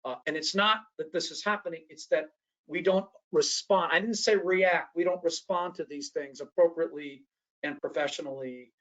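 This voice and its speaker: A man's voice: fairly high pitch, brisk, pushed and bright, muffled recording. A man presenting a training workshop in a lecture style. He talks animatedly, often restarts his sentences and acts out the voices of the people he quotes.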